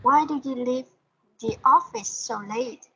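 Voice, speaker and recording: A woman's voice: high-pitched, unhurried, bright, forceful tone, dull audio, slight background noise. Hesitant Vietnamese woman learning English. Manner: hesitant, careful, repeating after the teacher. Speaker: English student. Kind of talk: reading exercise answers aloud.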